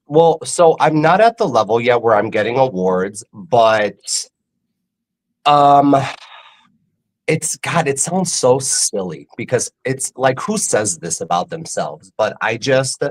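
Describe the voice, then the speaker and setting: A man speaking as a guest over a video call, talking earnestly and quickly about himself, with many fillers. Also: mid-range voice, animated. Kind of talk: casual interview chat.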